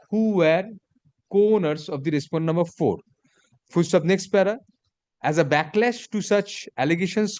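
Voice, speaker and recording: Man, judge, measured dictation, punctuation read aloud, fairly high voice, dry sound. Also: a little mellow, no room sound. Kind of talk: dictating a court order. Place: courtroom.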